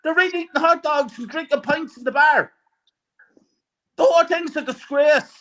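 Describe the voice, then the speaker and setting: A man's voice: very high voice, moderate pace, a bit bright, poor audio. A man, ranting furiously and swearing as a guest fan on a live stream.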